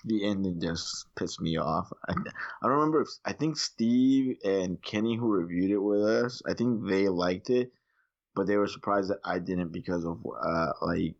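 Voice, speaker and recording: A man co-hosting a movie review podcast in casual chat, animated and swearing freely as he acts out his own reactions. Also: low voice, normal speed, lo-fi sound.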